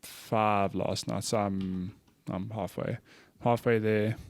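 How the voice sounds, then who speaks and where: A man's voice: fairly low pitch, fairly even intonation, slow, no echo. Dry-sounding man chatting casually. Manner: chatty, swears and laughs often, many restarts. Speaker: podcast co-host. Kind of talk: casual chat.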